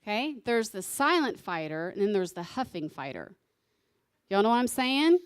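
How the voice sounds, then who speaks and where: A woman's voice: medium pitch, sing-song, moderate pace, clean tone. A woman giving a sermon alongside her husband, conversational and teasing as she explains scripture.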